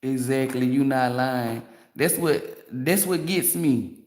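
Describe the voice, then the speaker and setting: A woman's voice: very deep voice, slow, darkish tone. A woman tarot reader delivering a blunt, profane, emphatic rant on a livestream.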